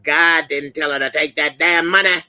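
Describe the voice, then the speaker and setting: A man putting on the voice of a flamboyant, loud strip club owner with a big, sassy delivery. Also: a little high, steady tone, moderate pace.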